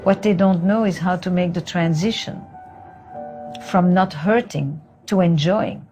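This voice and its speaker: A woman therapist guiding a couples session, calm and direct, moving between French and English. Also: lowish voice, a little slow, over music.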